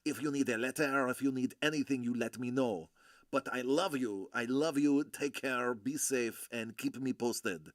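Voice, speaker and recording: Guy doing an older french bar owner, low and slow, mob boss vibe, dry sound. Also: dry recording, close to an everyday voice. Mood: fatherly.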